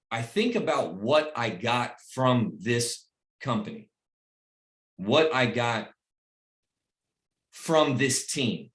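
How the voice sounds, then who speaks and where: A middle-aged man giving a motivational speech to his team on a video call, emphatic and repetitive, swinging between loud pep talk and quiet personal stories. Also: medium pitch, roomy sound. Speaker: team leader addressing his recruits.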